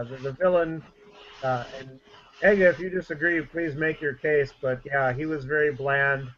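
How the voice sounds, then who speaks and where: A man's voice: fairly high pitch, fairly bright tone. A man co-hosting a casual podcast chat, thinking aloud and hedging his points. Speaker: podcast co-host. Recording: dull lo-fi audio with faint ambience.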